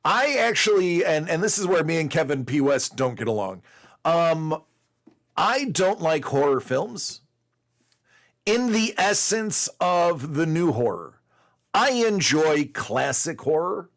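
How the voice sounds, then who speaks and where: A man in his forties tells a story slowly, with plenty of fillers and restarts. His voice sits a little high and swings up and down with lively energy as he hosts a casual collecting show. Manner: rambling, animated storyteller with many fillers. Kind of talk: casual storytelling to a live chat.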